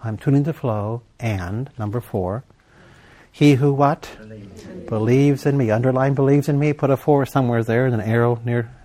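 A man preaching a sermon, leading his congregation in call-and-response and slowing down for emphasis. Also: medium pitch, warm tone. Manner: call-and-response, prompting the congregation to fill in words; emphatic, with slow deliberate stretches.

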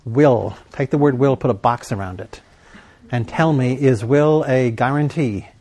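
A man preaching a sermon, leading his congregation in call-and-response and slowing down for emphasis. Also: mid-range voice, a little mellow. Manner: call-and-response, prompting the congregation to fill in words; emphatic, with slow deliberate stretches.

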